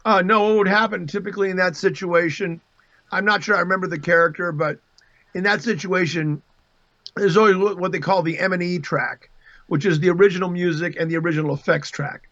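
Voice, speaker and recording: Bright, animated man telling stories. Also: high voice, a little fast, no room sound, lo-fi sound. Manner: animated storyteller, laughs often. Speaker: voice actor guest. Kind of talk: casual livestream chat.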